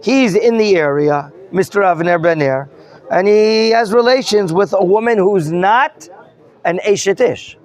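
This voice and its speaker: A man's voice: sits high, measured pace. A rabbi teaching a Bible class, questioning his students and explaining the terms as he goes. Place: study hall classroom.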